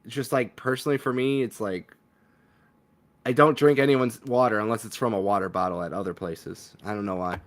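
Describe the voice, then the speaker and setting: A man's voice: lowish voice, steady tone, a little fast. Chatty, profane man streaming a game. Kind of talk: let's play commentary.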